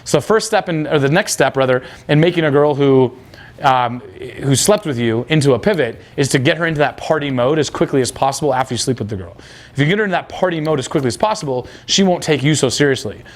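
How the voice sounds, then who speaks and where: Fast-talking blunt male dating coach. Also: medium pitch. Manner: blunt, casual, crude slang; acts out quoted dialogue. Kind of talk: coaching talk.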